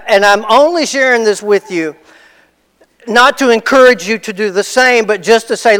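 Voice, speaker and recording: Pastor guy preaching casual, high clear voice, repeats stuff for emphasis, big echoey church. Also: normal speed, a bit bright. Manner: storytelling, repeats phrases for emphasis. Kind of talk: conversational sermon. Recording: long reverb of a large hall.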